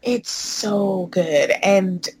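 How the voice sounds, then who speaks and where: A woman co-hosting a casual wrestling chat, giving her opinions in a measured, matter-of-fact way. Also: mid-range voice, crowd noise.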